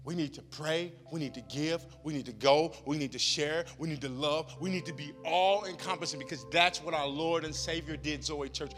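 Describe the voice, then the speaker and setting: A man's voice: fairly high pitch, normal speed, few pauses, a bit bright. A man preaching a sermon as pastor, with rhythmic, repetitive phrasing that builds in emphasis. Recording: long hall reverb with music behind.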